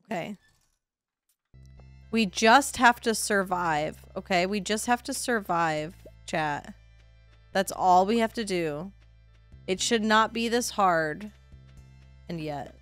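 Slow-talking woman streamer, sarcastic. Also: medium pitch, a bit bright, dry recording, soft background music. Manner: chatty, sarcastic, swears, yelps when panicked. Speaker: streamer playing a farming game. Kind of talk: casual let's-play commentary to chat.

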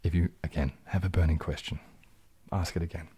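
A man with a low, husky, mellow voice chats softly on a relaxed ASMR livestream. He rambles gently through viewers' questions and sometimes slips into a whisper. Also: brisk. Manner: relaxed, rambling, drops into whispers, reads chat aloud. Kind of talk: casual soft-spoken livestream chat.

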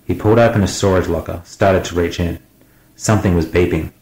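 Brief: male audiobook narrator, deep and steady, dramatic delivery, echoey room. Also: brisk.

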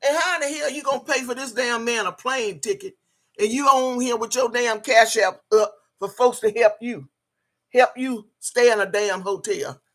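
A woman's voice: a little high, normal speed. An older woman ranting on camera in heated, scolding commentary, cursing freely and repeating her phrases for emphasis. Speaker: video blogger.

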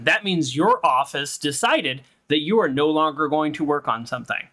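Game streamer ranting over a playthrough, super animated, voice swinging all over, gets heated. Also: medium pitch, measured pace. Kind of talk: let's play commentary.

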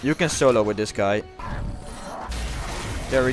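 A young man giving excitable, profane commentary on his own gameplay, whooping when things go well. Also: mid-range voice, unhurried, music in the background. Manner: excitable, swearing, yelps and whoops at kills. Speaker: gaming video host.

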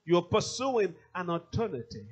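A man's voice: high voice, very animated, moderate pace, breathy edge. A male pastor preaching a sermon, emphatic and repeating his key phrases.

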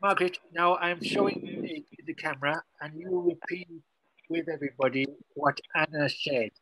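A woman leading an informal group language lesson, lively and encouraging, mixing French and English. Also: deep voice, normal speed, husky, no echo, rough recording. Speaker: language teacher.

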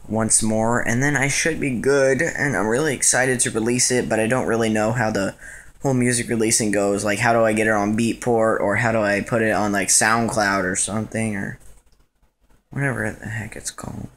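A man's voice: lowish voice, fairly even intonation, moderate pace, a bit bright. Rambling guy vlogging at home. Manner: rambling, scattered, lots of fillers. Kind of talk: casual solo vlog. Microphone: action camera.

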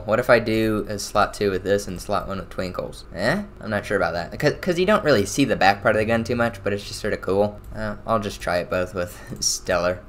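A man's voice: fairly low pitch, a little hiss or hum. Young man commentating a shooter game. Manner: excitable, swings to loud outbursts. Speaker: gaming channel host. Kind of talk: casual gameplay commentary.

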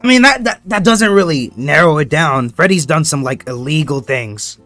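A young man hosting a Minecraft roleplay, loud and joking with frequent swearing. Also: a little high, lively intonation, normal speed, soft background music. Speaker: roleplay host.

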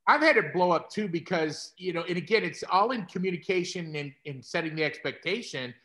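A middle-aged man hosting a casual conversation, talking to doctors in an energetic, coaching way. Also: sits high, a little fast. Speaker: host and practice consultant.

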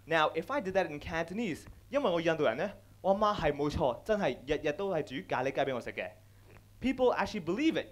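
A young man giving a stand-up style talk on comedy, animated and acting out other people's lines as he speaks. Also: a little high, quick pace. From India. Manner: animated, acts out other people's lines, laughs at own jokes. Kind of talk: stage talk on comedy, switching between English and Cantonese.

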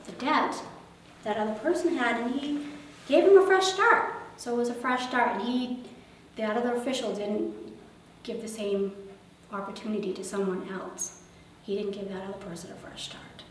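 A woman leading a children's liturgy, retelling a gospel parable in a gentle, conversational way and asking the children questions. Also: fairly high pitch, moderate pace, a little hiss or hum. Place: church or parish hall. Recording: very echoey room, mic far off.

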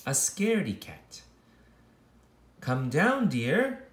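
Slow, sing-song storybook reader. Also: medium pitch, wildly swooping pitch, roomy sound. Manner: slow and playful, switching into many silly character voices. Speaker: kindergarten teacher. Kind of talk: reading a picture book aloud to children. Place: classroom.

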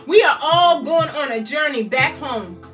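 A woman in her fifties from the United States, a motivational speaker giving a loud, exhorting live-stream talk that keeps repeating rallying phrases. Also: sits high, expressive, a little slow, recorded from a distance, soft background music. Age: 50s.

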